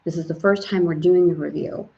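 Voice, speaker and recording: A woman's voice: lowish voice, a little fast, vocal fry. Chatty woman hosting a live stream. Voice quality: lively, chatty, sprinkling French greetings. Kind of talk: casual spiritual live stream. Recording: slightly dull stream audio.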